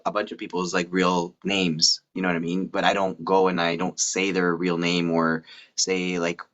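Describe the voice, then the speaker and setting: A man's voice: low voice, level tone, normal speed, a bit bright, lo-fi sound. A man speaking as a guest in a casual live chat, hesitant and full of fillers.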